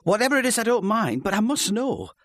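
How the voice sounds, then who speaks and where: A man voicing an anxious fifty-year-old wife who speaks softly and tentatively. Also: high-pitched, very animated, brisk, no room sound, studio quality, pitched above the performer's own voice. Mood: pleading. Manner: soft, tentative, pleading.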